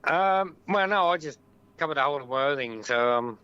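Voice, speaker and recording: A man chatting casually as a guest, telling a relaxed story with fillers. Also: on the high side, normal speed, muffled recording, a crowd in the background. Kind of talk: casual chat.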